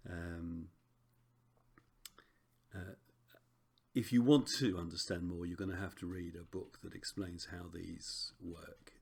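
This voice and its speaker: A man teaching a recorded Greek lesson, relaxed and chatty with frequent ums and self-corrections. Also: sits low, takes it slowly, gravelly, long pauses, slightly rough.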